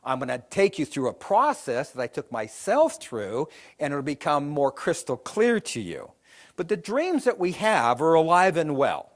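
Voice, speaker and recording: A man's voice: a little high, very animated, moderate pace. A middle-aged man, an author and seminar speaker, telling a story to a live audience and acting out the voices in it. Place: event hall with an audience.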